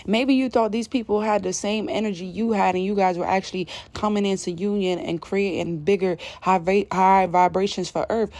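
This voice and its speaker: A woman's voice: medium pitch, steady tone, moderate pace, few pauses, darkish tone. A woman delivering an intuitive spiritual message to her viewers, in emphatic, casual, slangy talk that repeats its points. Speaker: spiritual reader.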